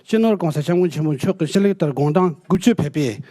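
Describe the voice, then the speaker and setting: A community leader, a man, speaks to the audience in a measured, formal way. His voice sits high but sounds dark and mellow. The sound is dry and close. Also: lively intonation, no room sound.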